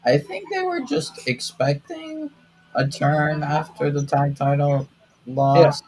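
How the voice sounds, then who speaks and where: A co-host of a wrestling watch-along podcast, talking hesitantly with many pauses and filler sounds. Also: mid-range voice, expressive, a little mellow, faint music behind, poor audio. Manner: hesitant, many ums, slow and halting. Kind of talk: casual chat during a wrestling watch-along.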